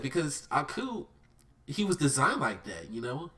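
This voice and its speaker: Stuffy-nosed man, rambling excitedly. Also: medium pitch, unhurried, far from the mic. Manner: excited, rambling fan talk. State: stuffy nose. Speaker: vlogger reviewing a cartoon. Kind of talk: casual spoken review.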